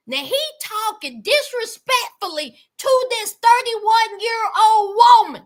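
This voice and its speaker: A woman hosting a casual reality TV recap, animated and exclaiming, talking straight to her viewers. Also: very high voice, slow pace, few pauses.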